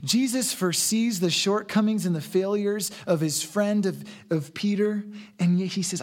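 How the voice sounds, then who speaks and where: Speaking at an ordinary speed with a high-pitched voice, this male pastor delivers an earnest, exhorting sermon. He alternates between reading passages of scripture and spurring his congregation forward.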